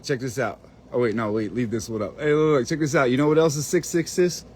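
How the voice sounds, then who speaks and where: A man's voice: medium pitch, steady tone, fast, a little mellow, husky. A man rambling while he searches through documents on screen, muttering to himself and cursing under his breath. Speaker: channel host. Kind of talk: rambling screen-share monologue.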